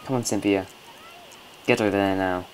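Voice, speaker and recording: A man's voice: deep voice, steady tone, moderate pace, slight background noise. A man hosting a casual gameplay commentary from home, chatty, coaxing and scolding his game characters. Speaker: let's play host.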